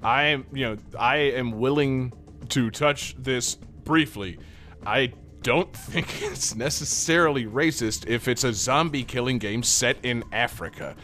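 A man's voice: mid-range voice, measured pace, sharp tone. Male co-host, loose rambly game talk, full of fillers and laughs, faint music underneath. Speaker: podcast co-host. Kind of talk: casual chat about video games.

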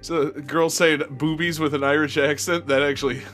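A man's voice: fairly high pitch, fairly even intonation, brisk, fairly bright tone, faint music behind. A man co-hosting a casual gaming podcast, joking and laughing as he steers the talk. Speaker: podcast co-host.

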